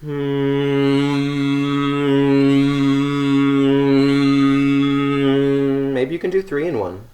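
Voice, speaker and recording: A man teaching a seated voice warmup, giving slow, calm instructions between long sustained hums. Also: mid-range voice, soft background music. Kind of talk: guided voice warmup. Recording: roomy echo.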